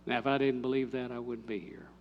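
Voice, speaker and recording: An older man, a pastor telling a story in a sermon, moving from lively telling to hushed, intimate speech. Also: mid-range voice, fast, dull audio, slight background noise.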